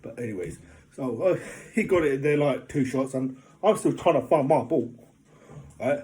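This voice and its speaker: A man giving a casual motivational talk, rambling and often asking if the listener knows what he means, getting animated in funny stories. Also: mid-range voice, normal speed. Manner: rambling, keeps asking "do you know what I mean". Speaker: motivational vlogger.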